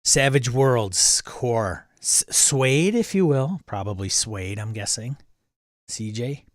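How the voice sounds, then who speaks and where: A man's voice: mid-range voice, lively intonation, slow pace, dry recording, studio quality. A man hosting a livestream, casually chatting and greeting viewers by name as he reads their comments. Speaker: livestream host reading chat. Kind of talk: casual chat.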